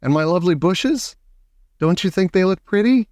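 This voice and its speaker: A man voicing an eccentric, excitable male chocolate maker who talks in a gushing, showy way. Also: moderate pace, no echo, clean studio sound. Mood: delighted. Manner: gushing, showy, high and bouncy.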